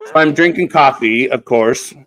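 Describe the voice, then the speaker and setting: A man's voice: mid-range voice, normal speed, fairly bright tone, rough recording. A man hosting a casual craft live stream, chatty and repeating words as he talks. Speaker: craft channel host.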